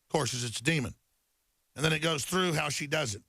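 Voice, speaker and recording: A man's voice: on the high side, a little fast, pushed and bright, slightly rough, dry recording. A middle-aged man hosting a talk show, delivering a heated, repetitive monologue to viewers while reading headlines.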